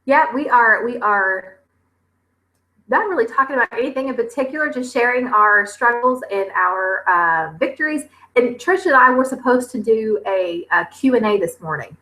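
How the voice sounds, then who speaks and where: A woman, chatting casually on a livestream and reading viewers' comments aloud, with lots of fillers and pauses. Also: a little high, bright, forceful tone, rough recording. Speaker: homestead vlogger hosting a livestream.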